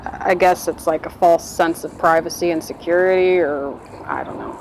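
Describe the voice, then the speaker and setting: A woman's voice: on the low side, animated, moderate pace, darkish tone, a little hiss or hum, low-quality recording. Chatty woman telling a story. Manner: chatty, rambling, acts out quoted voices. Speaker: vlogger telling her own story. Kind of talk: casual storytelling monologue.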